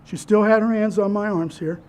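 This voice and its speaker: A man giving a personal memorial speech as keynote speaker, telling his story in an earnest, halting way with restarts. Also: sits high, fairly even intonation, darkish tone.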